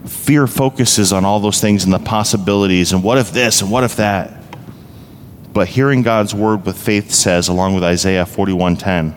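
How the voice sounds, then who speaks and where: A man preaching a sermon as a pastor, earnest and personal, growing emphatic. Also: moderate pace. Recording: echoey hall, faint rumble.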